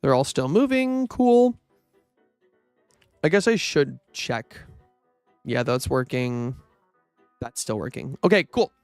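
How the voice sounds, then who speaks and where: A man's voice: mid-range voice, lively intonation, takes it slowly, long pauses, darkish tone, no room sound, soft background music. A young man chatting casually while streaming a game, rambling with lots of fillers and casual swearing. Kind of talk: casual gaming livestream chat.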